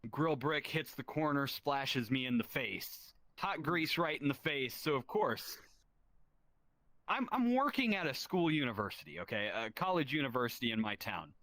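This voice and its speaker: A man telling a self-deprecating stand-up story in a deadpan, profane way. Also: mid-range voice, normal speed, no echo. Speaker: stand-up comedian.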